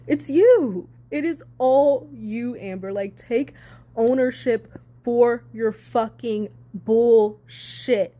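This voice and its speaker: A woman's voice: on the high side, takes it slowly, warm tone. A woman talking on her own channel in casual reaction commentary, heated and sarcastic, swearing hard for emphasis. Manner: sarcastic asides. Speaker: commentary vlogger.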